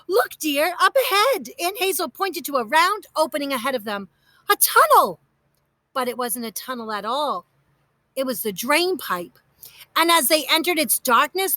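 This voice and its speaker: A woman narrates a children's story in a lively, expressive way. Her voice is high and bright, recorded close and dry. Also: no room sound.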